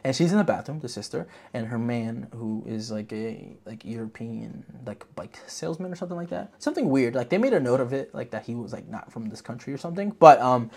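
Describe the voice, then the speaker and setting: A vlog host giving a casual movie review, talking in an animated, profane way full of filler words. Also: mid-range voice, quick pace, creaky, few pauses.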